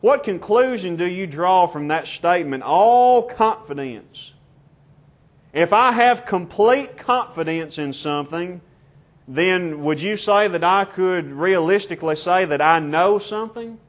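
A man preaching a sermon in a measured, emphatic way, building his case point by point. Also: sits high, expressive, highs cut off.

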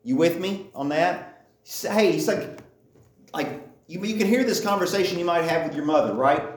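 A man's voice: fairly high pitch, normal speed. Chatty man teaching in an echoey room. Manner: chatty, checks in with listeners. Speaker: Bible teacher. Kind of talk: conversational Bible teaching.

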